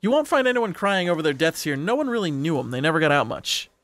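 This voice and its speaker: A rambling, folksy old neighbor who drinks whiskey before bed and talks in a loose, meandering way, as a man reads him aloud during a game stream. The voice sits a little high. The sound is dry and close. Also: big pitch swings, fast, a bit bright, no room sound.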